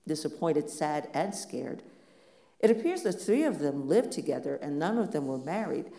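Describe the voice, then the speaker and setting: A pastor preaching a sermon in a measured, reflective way, asking many rhetorical questions. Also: mid-range voice, big pitch swings, warm tone, roomy sound.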